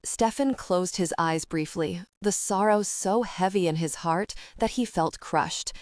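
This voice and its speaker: A woman reading romance fiction aloud in a steady, measured audiobook narration. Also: on the low side, dry recording, clean studio sound.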